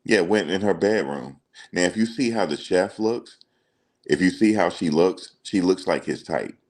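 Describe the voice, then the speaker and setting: A man's voice: low voice, moderate pace, a little mellow. A man hosting casual celebrity news commentary, emphatic and slangy, repeating his points. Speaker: commentary channel host.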